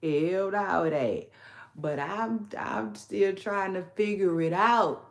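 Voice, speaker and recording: A podcast host with a medium-pitched, gravelly voice speaks slowly as she rants about celebrity news. Her casual gossip monologue is full of slang, sighs and laughter, recorded in an echoey room.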